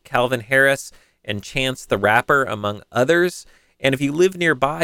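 A man hosting a solo tech news podcast, chatty and conversational, with fillers and quick self-corrections. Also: medium pitch, fairly bright tone, clear, resonant tone, dry recording, studio quality. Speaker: podcast host.

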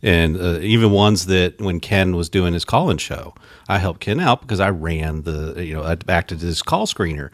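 A man with a very deep voice chats as a podcast guest. He is conversational and restarts his sentences. The recording is dry. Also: normal speed, no echo. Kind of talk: casual podcast chat.

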